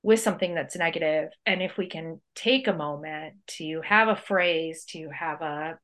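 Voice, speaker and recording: Bright-voiced woman reasoning aloud on a podcast. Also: low-pitched, normal speed. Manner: reflective, reasons aloud with quoted self-talk. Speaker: podcast co-host, researcher. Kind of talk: casual chat.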